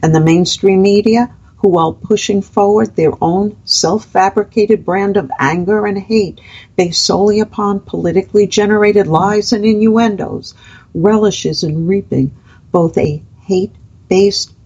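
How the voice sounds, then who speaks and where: A woman's voice: medium pitch, a little slow, darkish tone, husky, muffled recording. A woman from the United States reading long prepared political commentary as a guest, with a sarcastic edge.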